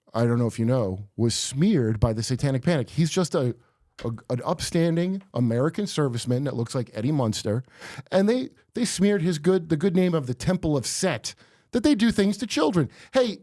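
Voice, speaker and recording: A man's voice: a little high, darkish tone, no room sound, studio quality. A man who is a comedian guest on a podcast, telling rambling, conspiratorial stories in casual chat.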